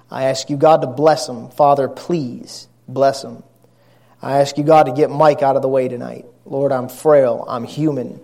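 A male pastor with a notably high voice, delivering a church sermon. He talks earnestly to his congregation and drops the odd dry, wry aside. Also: a little mellow.

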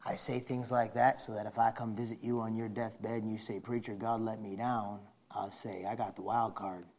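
A man's voice: little pitch movement, normal speed. A man preaching a sermon, folksy, repeating phrases for emphasis. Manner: builds from low conversational to shouting fervor.

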